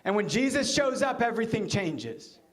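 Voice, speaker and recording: A man, the pastor, preaching a sermon in church and telling a story, at times dropping into a hushed low voice for quoted lines. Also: very animated, moderate pace.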